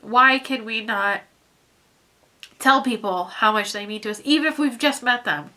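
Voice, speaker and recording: A young woman with a bright, clear voice talks straight to her viewers in a personal vlog. She is teary and keeps trying not to cry, and her sentences stop, restart and trail off. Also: a little high. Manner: halting, heartfelt, many restarts and fillers. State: teary, fighting back tears. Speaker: vlogger.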